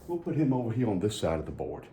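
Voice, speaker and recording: A man's voice: lowish voice, very animated, quick pace, warm tone, a little hiss or hum. A man giving a children's message at church in a folksy way, asking the kids playful questions. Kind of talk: children's sermon.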